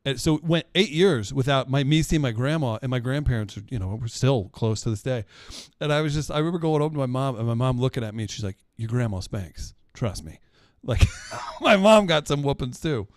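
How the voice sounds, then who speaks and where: An easygoing man chats as a podcast guest, sharing family stories and quoting his relatives. His voice is smooth and resonant. It is recorded dry and close. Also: mid-range voice, expressive, brisk, dry recording. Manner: easygoing, quotes family members, laughs along. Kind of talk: casual storytelling chat.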